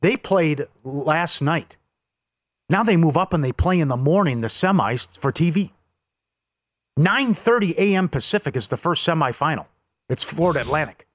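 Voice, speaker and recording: Man, sports betting co-host, opinionated, rapid stats, slightly high voice, dry close sound. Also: expressive, a bit bright, dry recording. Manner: brisk, opinionated, rattles off stats. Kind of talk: casual sports talk. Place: studio inside a casino.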